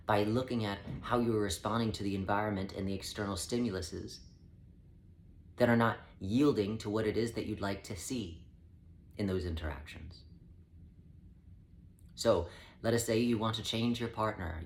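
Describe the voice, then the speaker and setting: Measured male channeler, deep-ish voice, roomy echo and faint hum behind; spiritual guidance read. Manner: measured, calm, speaks as "we" to the listener. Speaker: spiritual channeler speaking as a collective. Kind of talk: spiritual self-help talk. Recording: echoey room with faint ambient noise.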